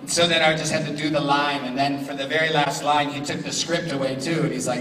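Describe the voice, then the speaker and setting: A middle-aged man, a voice actor guest at a convention panel, telling stories and jokes in an animated way. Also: on the high side, fast. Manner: jokey, animated storyteller. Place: large convention hall. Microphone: far from the recording device. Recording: echoey hall from far off, loud crowd.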